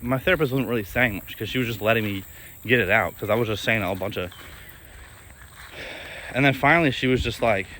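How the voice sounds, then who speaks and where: Flat-voiced young man, halting confessional talk. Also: medium pitch, a little hiss or hum. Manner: flat, halting, self-reflective talk with many restarts. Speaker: video creator. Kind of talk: candid personal vlog.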